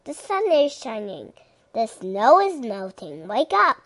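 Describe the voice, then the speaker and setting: A woman voicing an eager, cheerful male frog who calls out excitedly in a storybook reading. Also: fairly high pitch, slow, dry recording, heavily acted. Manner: excited calling.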